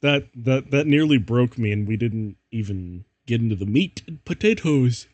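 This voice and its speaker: A man's voice: mid-range voice, animated, moderate pace, darkish tone, no room sound, dull audio. A man streaming as he reads fan fiction aloud, giggling and breaking up with laughter. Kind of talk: casual comedic reading.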